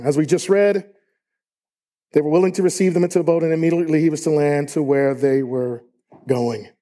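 A man preaching a sermon in a church, emphatic and rising to high exclamations. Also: mellow. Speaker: pastor. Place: church sanctuary.

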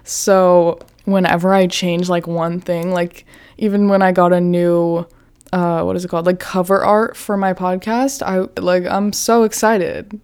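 A woman's voice: fairly low pitch, level tone, measured pace, a little mellow, clean tone. A young woman hosting her own podcast, chatting casually and giggling often, with lots of "like" and free swearing. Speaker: podcast host. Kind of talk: casual solo podcast chat.

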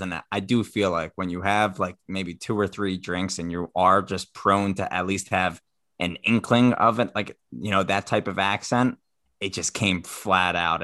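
Man with a Philadelphia accent, low-pitched, dry close sound, casual podcast co-host who tells long stories. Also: fairly bright tone, no room sound. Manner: chatty storyteller, explains at length. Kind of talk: casual chat.

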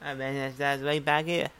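Man, casual storytelling, profane and rambling, fairly high voice. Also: little pitch movement, measured pace, a bit bright, smooth. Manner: profane, rambling, acts out dialogue.

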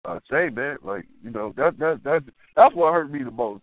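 Male caller, lively swooping delivery, street slang, dry phone-line sound. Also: mid-range voice, normal speed, hardly any pauses, dry recording. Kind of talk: casual call-in talk show.

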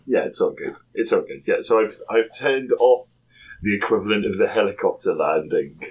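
A man's voice: fairly low pitch, normal speed, husky, highs cut off. A man co-hosting a casual podcast from home, swearing, laughing and joking dryly. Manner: laughing, sweary, dry jokes. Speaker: podcast co-host. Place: home room in Japan.

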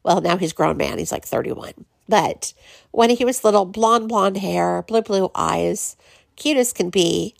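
A middle-aged woman hosts a devotional podcast, pausing often as she earnestly encourages her listeners. Her voice carries a heavy, gravelly vocal fry at a moderate pitch, and the recording is dry and close. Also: no echo. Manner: earnest, encouraging, with frequent pauses. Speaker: podcast host.

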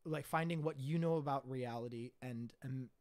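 A man's voice: mid-range voice, moderate pace, darkish tone, no room sound. A young man in casual podcast chat, rambling with many fillers and restarts as he recalls acting class.

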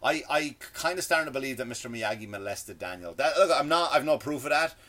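Seated indoors, a man with a non-American English accent rambles through a comedic rant in a sarcastic, mocking tone. His medium-pitched voice is expressive, fast and a bit bright, and he often stammers and restarts.

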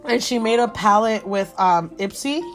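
A young woman talks casually on a podcast with her sister, rambling along with plenty of fillers. Her voice sits at a middle pitch for a woman. Faint music plays underneath. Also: normal speed, a bit bright. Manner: chatty, rambling, many fillers. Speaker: podcast co-host. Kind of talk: casual chat.

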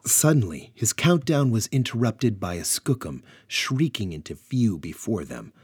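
A man's voice: on the low side, measured pace, slightly rough, no room sound, studio quality. A man narrating a dramatic pulp adventure story. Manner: animated, dramatic.

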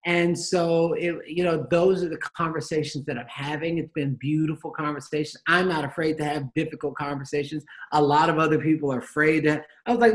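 Young male guest, higher voice, passionate storyteller, acts out dialogue. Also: fairly even intonation, brisk, few pauses. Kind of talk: casual conversation.

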